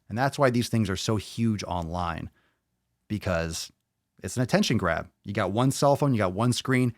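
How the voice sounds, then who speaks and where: A man hosting a live podcast, swearing constantly and ranting loudly between viewer comments. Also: lowish voice, no room sound, clean studio sound. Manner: swears constantly, loud and animated; reads viewer comments aloud. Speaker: podcast host. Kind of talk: profane live-stream rant.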